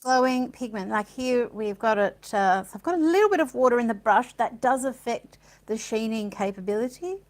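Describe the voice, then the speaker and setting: A woman's voice: fairly high pitch, animated, normal speed, rough recording. Chatty woman thinking aloud while painting. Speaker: art supplies presenter. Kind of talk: casual art demonstration.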